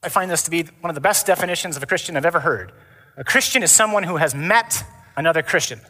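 A priest from giving a lively sermon at a men's conference, switching between mock-solemn readings and energetic, joking delivery. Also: a little high, fast talker. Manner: animated, theatrical, mimics stuffy readings for laughs. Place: large conference hall. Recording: live hall reverb.

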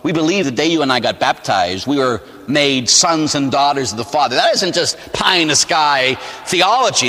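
Lively, animated male preacher in a hall. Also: a little high, moderate pace, hardly any pauses. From Pittsburgh, USA. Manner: animated and humorous, acts out scenes. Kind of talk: storytelling sermon.

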